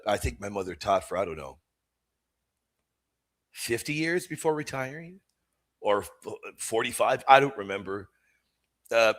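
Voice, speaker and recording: This is the host of a live Catholic apologetics stream, a man with a medium-pitched voice running a chat and Q&A. His manner is animated and emphatic, shifting from loud outbursts to soft asides.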